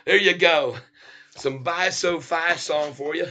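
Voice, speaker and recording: Taking it slowly, a middle-aged man with a fairly high, pushed and bright voice hosts a stock market livestream. The chat is playful and sing-song, full of jokes, rhymes and frequent laughter meant to hype his audience.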